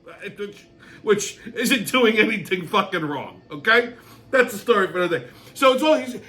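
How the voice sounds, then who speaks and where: A middle-aged man hosting a weekly wrap-up show, ranting crudely and angrily, often breaking into shouts, then reading sports listings in a casual way. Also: high-pitched. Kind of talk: profane rant and casual show segments.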